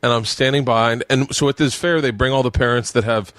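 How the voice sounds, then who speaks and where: A man's voice: mid-range voice, steady tone, fast, a bit bright, no echo. A man in his forties hosting a podcast, telling a story in casual chat and acting out quotes with raised voices. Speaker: podcast host.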